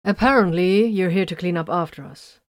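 A white-bearded old sergeant of space warriors booms out jovial, condescending remarks, as a woman narrator puts him on. The voice sits somewhat low and pushes hearty and loud. The recording is dry and close, audiobook-style. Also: a little fast, dry recording, close to an everyday voice.

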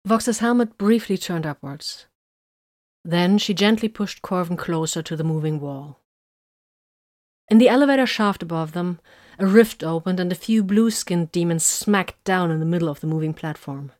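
Delivering scripted narration of a fantasy action tale, a woman keeps a steady, measured pace in her somewhat low voice. She's an audiobook narrator, captured in a dry, close recording free of any room sound.

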